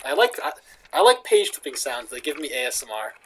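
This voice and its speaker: A man's voice: medium pitch, sing-song, brisk, gravelly, fairly bright tone, a little hiss or hum. A young man casually commentating as he plays a video game, joking and reading the lines aloud. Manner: jokey, reads in-game lines aloud, chuckles often. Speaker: gaming video host. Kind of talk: casual let's play commentary. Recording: faint game music underneath. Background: faint game music.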